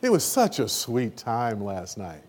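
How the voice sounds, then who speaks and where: A man preaching a sermon in a church meeting, animated and emotional, with sudden loud rises and halting repeated words. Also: medium pitch.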